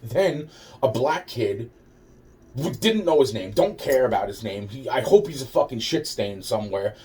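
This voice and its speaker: A man's voice: medium pitch, expressive, normal speed, mellow. A man telling a rambling personal story, swearing constantly and restarting his sentences. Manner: profane, rambling, full of restarts. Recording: voice distant from the mic.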